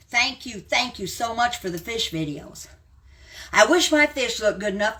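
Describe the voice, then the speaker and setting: Older woman, 70s, blunt live-stream ranter; bright, forceful voice. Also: medium pitch. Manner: blunt, combative ranting and name-calling.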